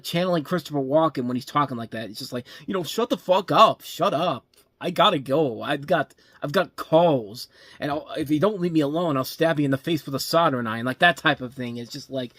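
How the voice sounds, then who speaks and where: A man giving a casual, animated ranked movie review, ranting and swearing freely, and mocking bad line readings. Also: medium pitch, dry recording.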